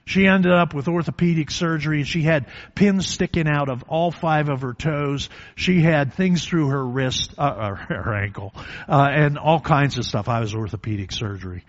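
An older man preaching a sermon in a church, telling a quiet personal story that swells into loud, drawn-out preaching. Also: a little high. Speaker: pastor. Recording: dull lo-fi recording.

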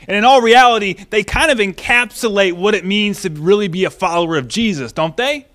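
A man preaching a sermon in a casual, animated way, reading scripture and praying. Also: high-pitched, fairly quick. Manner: casual, animated teaching with restarts. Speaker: pastor.

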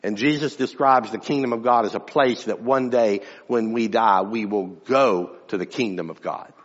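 A man's voice: lowish voice, normal speed. Emphatic male pastor in a reverberant church. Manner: conversational, emphatic preaching with repeated restarts. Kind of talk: sermon. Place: church sanctuary. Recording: dull sound with long hall reverb.

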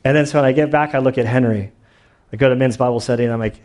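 A man's voice: medium pitch, racing. Casual storytelling male pastor. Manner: casual storytelling, animated retellings. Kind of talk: sermon.

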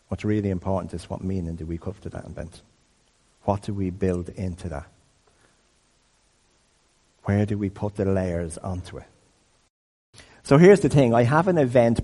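A man's voice: lowish voice, dark tone. A man in his fifties giving a conversational sermon-style teaching talk, often asking the audience questions. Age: 50s. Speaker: speaker. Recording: long hall reverb.

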